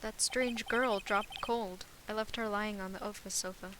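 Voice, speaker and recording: A woman reading the lines of an anxious young male defense lawyer in a video game, in a low-key, plain voice. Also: steady tone, moderate pace, background noise, natural voice. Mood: uneasy.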